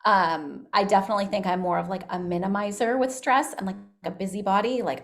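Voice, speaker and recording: A woman's voice: on the low side, a little fast. A woman working as a school social worker, talking casually on a video call in a chatty way with many "like" fillers. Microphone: video call microphone.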